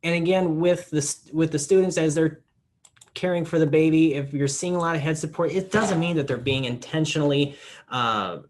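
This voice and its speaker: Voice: medium pitch, normal speed, a little mellow. This is a product support trainer leading a hands-on demonstration, explaining each step in order. The delivery is plain and instructional, with casual filler words here and there.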